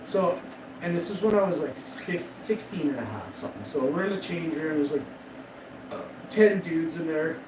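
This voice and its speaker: A man in his forties spins a long, profane, boastful story on a live stream, laughing at his own punchlines. His voice sits back from the mic in an echoey room. A steady wash of loud background noise runs under everything. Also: fairly high pitch, moderate pace, distant mic. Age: 40s.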